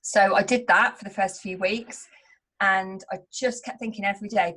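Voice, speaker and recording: A woman's voice: mid-range voice, normal speed, a bit bright. A middle-aged woman who runs a home business and leads a team, speaking openly and earnestly in a candid motivational talk. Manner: open and earnest, speaking in a confessional tone.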